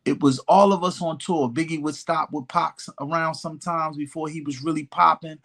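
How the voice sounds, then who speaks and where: A man's voice: on the high side, brisk, vocal fry. A man in his fifties, a rapper and elected official, telling stories as a podcast guest and acting out the people he quotes. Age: 50s. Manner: animated storyteller who acts out quoted voices. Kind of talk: casual storytelling interview.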